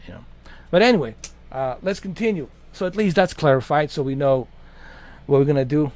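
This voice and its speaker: A man's voice: a little high, fairly quick, a little mellow. A man hosting a gaming channel, chatting in a casual, rambling way and swearing freely.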